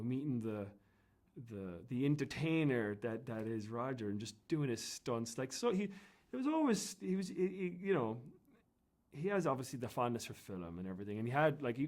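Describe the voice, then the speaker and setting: Here an Irishman, interviewed as a guest, shares casual anecdotes at a normal speed. His mid-range voice is expressive and darkish in tone, and his storytelling rambles with frequent fillers and restarts.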